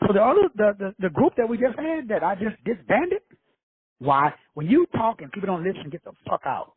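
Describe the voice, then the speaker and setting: A man's voice: high-pitched, big pitch swings, brisk, husky, no room sound. A man talking bluntly and profanely in a casual, streetwise motivational monologue as the host. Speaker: motivational speaker, show host. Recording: dry, tinny phone-like recording.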